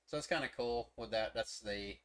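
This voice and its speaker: Here a manga chapter reviewer streams casual commentary from his room, swearing freely and stumbling through fillers and restarts. His voice is mid-range and smooth, and he keeps a moderate pace.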